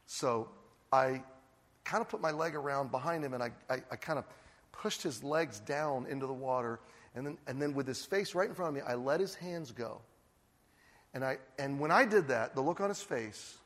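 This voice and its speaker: An older man preaching a sermon as a lively storyteller who acts out the scenes he describes. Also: a little high, normal speed. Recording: long hall reverb.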